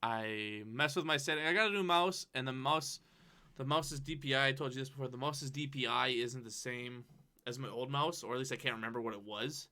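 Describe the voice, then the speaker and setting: Bright-voiced rambling podcast guy. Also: mid-range voice, brisk. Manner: rambling, many fillers, laughs often. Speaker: podcast co-host. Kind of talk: casual chat.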